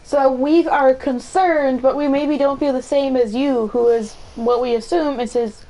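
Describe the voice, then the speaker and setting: A woman's voice: high-pitched, steady tone, unhurried, warm tone, low-quality recording. A young woman chatting casually and bluntly with friends during a game playthrough. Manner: sarcastic, blunt. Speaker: let's play co-player. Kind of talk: casual chat over gameplay.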